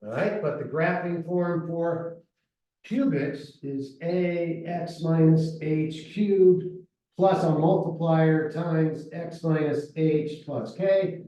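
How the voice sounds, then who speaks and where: A man's voice: on the high side, fairly even intonation, slow pace, warm tone, recorded from a distance. A man teaching a math lesson at a whiteboard, counting aloud as he works and checking in with "right?" as he goes. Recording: echoey room, voice from afar.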